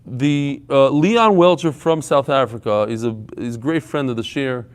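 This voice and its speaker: A man leading a live Talmud class before a small audience, telling stories in a lively way and mixing in Hebrew and Yiddish terms. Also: mid-range voice, moderate pace, smooth. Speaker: Talmud teacher.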